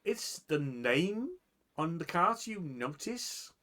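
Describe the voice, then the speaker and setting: Guy running a tabletop game, lively up and down pitch, plays street hawkers too. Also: slow pace. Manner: animated, shifts into hawker calls. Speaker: game master.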